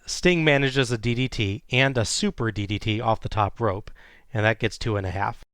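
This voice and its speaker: Podcast host, male, lower register, dry booth sound, steady play-by-play recap. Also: moderate pace, dry recording. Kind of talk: casual recap narration.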